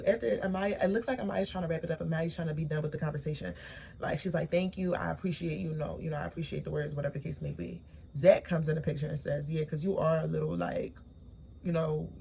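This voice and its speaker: Gravelly young woman recapping reality TV. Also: deep voice, mellow, a little hiss or hum. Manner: chatty, opinionated, slangy storytelling. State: tired, late at night. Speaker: recap vlogger. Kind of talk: casual reality-show recap.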